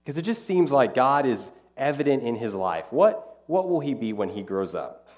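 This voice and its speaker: Animated male preacher, lively voice. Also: mid-range voice, normal speed. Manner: conversational, animated Bible teaching. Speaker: pastor. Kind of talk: sermon.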